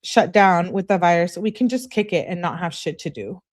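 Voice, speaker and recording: A woman's voice: on the low side, expressive, moderate pace. A woman voicing a laid-back young man who answers his girlfriend's texts offhandedly and evasively. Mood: offhand.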